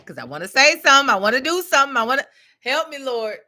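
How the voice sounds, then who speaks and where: A woman leading a spoken prayer and meditation, laughing often as she talks aloud to God, then settling into a slow, soothing cadence. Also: high-pitched, big pitch swings, sharp tone. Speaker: spiritual teacher.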